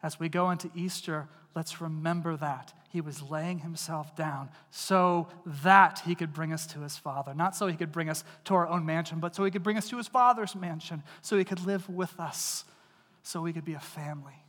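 A male pastor preaching a sermon in earnest, moving between loud emphasis and hushed, intimate delivery. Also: on the high side, steady tone, normal speed. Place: church sanctuary. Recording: long reverb of a large hall.

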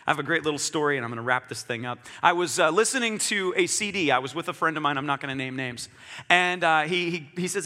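A man's voice: a little high, expressive, fast talker, bright, forceful tone. A man preaching a sermon as a pastor, telling a story animatedly and acting out the dialogue. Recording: long hall reverb.

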